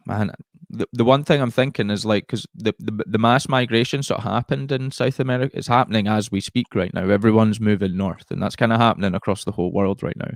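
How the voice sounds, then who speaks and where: Low-voiced Scottish podcast host, dry sound. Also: male voice, dry recording. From Scotland. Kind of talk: casual interview chat.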